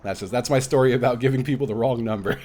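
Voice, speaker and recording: A man chatting casually on a live game stream, telling stories with lots of laughter. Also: mid-range voice. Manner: animated storytelling with frequent laughs. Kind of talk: casual live-stream chat while gaming.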